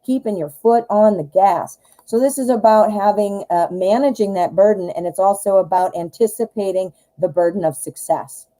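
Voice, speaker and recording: Female tarot reader on a live stream, mellow voice, enthusiastic and chatty. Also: mid-range voice, normal speed, few pauses, poor audio. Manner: chatty and enthusiastic, talks straight to the viewer.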